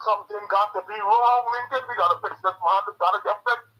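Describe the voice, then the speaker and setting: A man's voice: high voice, fast, bright, forceful tone, husky. A man with a Bahamian accent calling in to a talk show, impassioned and distressed, repeating himself over a phone line. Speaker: caller.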